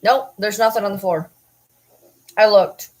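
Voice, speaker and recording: A woman's voice: mid-range voice, unhurried, darkish tone, low-quality recording. A woman at home chatting casually, often cooing baby talk to her pets.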